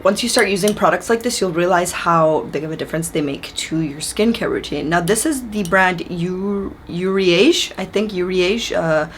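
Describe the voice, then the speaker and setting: A woman's voice: lowish voice, moderate pace, few pauses, slight background noise. A woman from Canada chatting casually to camera as a beauty vlogger, friendly and full of fillers, in her room.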